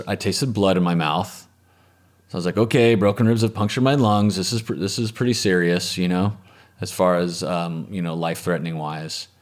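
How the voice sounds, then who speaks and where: A man as an interview guest, telling a personal story in a reflective, matter-of-fact way that often trails off softly. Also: low voice. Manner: reflective, matter-of-fact, with frequent restarts and trailing soft phrases.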